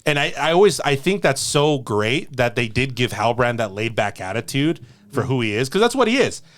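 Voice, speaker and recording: A man hosting a podcast in casual chat, rambling, laughing often and slipping into quick character asides. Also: medium pitch, sing-song, fairly bright tone. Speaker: podcast host.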